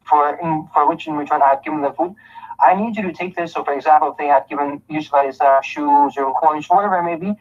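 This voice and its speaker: A man teaching a Quran commentary lesson, reciting Arabic verses quickly and then explaining them in English with many restarts. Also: fairly high pitch, lo-fi sound. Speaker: Islamic teacher.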